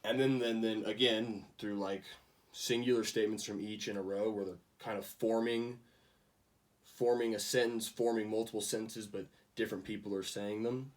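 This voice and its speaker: A man's voice: lowish voice, little pitch movement, moderate pace, far from the mic. Young man presenting, a bit off-mic. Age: young adult. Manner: casual, many ums, restarts. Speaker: student presenter. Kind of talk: class project presentation.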